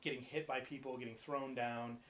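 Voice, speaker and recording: A man's voice: mid-range voice, flat delivery, a little fast, background noise. A man co-hosting a podcast, telling rambling stories in casual chat and swearing freely. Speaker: podcast co-host.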